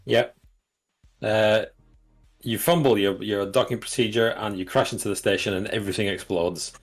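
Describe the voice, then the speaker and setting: A man narrating as game master, relaxed and describing scenes with frequent restarts. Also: lowish voice, normal speed, soft background music.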